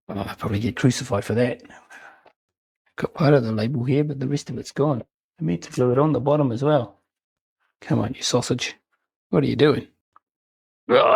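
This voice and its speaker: Guy on his hobby channel, chatty and rambly and keen, bit of a husky voice, dry close sound. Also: medium pitch, dry recording. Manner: chatty, rambling, enthusiastic, self-mocking. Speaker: miniature wargaming channel host. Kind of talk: casual unboxing and hobby chat.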